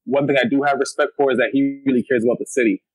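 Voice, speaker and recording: A young Canadian battle rapper with a Toronto accent talks bluntly and streetwise in a casual interview, full of slang and "you know what I mean." His medium-pitched voice is fairly even, racing and breathy, with no echo, soft background music and poor audio.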